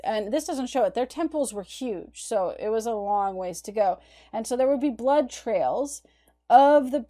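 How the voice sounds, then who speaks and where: Woman, art history lecturer, conversational, walking through slides, mellow tone, mid pitch. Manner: conversational, explaining images on screen. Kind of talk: recorded lecture over slides.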